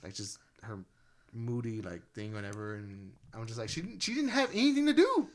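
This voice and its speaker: Young male co-host, mid-range voice, chatty and excitable, many fillers. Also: brisk, noisy background. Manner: excitable, voice jumps high when thrilled, lots of fillers. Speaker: podcast co-host. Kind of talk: casual chat.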